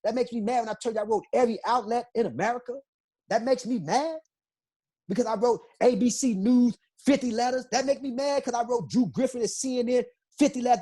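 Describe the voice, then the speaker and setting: A man's voice: extremely high pitch, a little fast, warm tone. A middle-aged man, a guest on an interview podcast, telling his story in an emphatic, repetitive, impassioned way.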